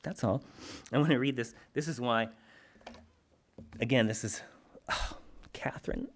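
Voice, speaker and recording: A man giving an animated, humorous, conversational spiritual talk to a congregation. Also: medium pitch, a little slow, pauses often. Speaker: spiritual teacher.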